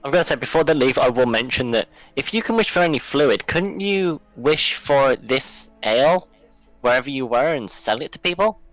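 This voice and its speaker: Teasing joker of a player, dry sound. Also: male voice, mid-range voice, expressive, moderate pace, a bit bright, no room sound, faint music behind, poor audio. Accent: English West Midlands. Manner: joking, teasing. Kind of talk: tabletop game play. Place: home, online session.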